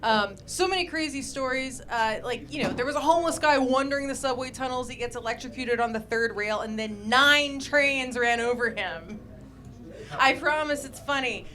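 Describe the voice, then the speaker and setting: A woman doing a stand-up comedy set on a club stage, telling crude deadpan stories with a lot of swearing, into a handheld mic. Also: sits high, moderate pace, slight background noise.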